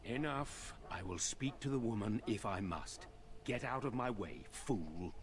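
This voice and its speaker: A man's voice: on the low side, expressive, a little slow. An actor playing a haughty, grumpy male mage in a fantasy video game, curt and condescending. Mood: dismissive.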